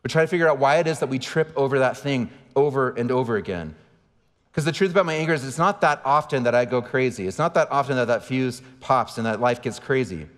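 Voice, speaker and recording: Male pastor, 40s, candid self-mocking sermon storyteller, mid-pitched voice, long hall echo. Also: quick pace. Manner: candid, self-deprecating storytelling with asides to the crowd. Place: large church auditorium.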